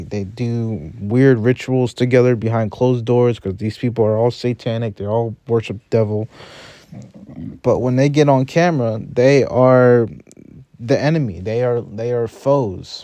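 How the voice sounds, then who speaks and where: Earnest man with a dark, dry voice. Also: mid-range voice, no room sound. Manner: earnest, conversational, builds into a rant. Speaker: host reacting to a video. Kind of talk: casual commentary.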